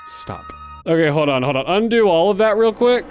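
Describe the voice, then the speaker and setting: Young male gamer, lively animated pitch, excited self-talking let's-play commentary, faint music underneath. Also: moderate pace, smooth. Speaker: gaming YouTuber.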